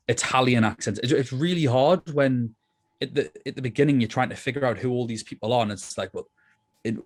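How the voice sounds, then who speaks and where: A man co-hosting a film review podcast, chatting casually and thinking aloud with plenty of restarts. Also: medium pitch. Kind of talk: casual chat.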